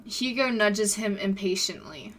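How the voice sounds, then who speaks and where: A woman's voice: mid-range voice, animated, unhurried, slight background noise. A woman from the United States streaming, reading a visual novel aloud with friends, giggly and self-deprecating.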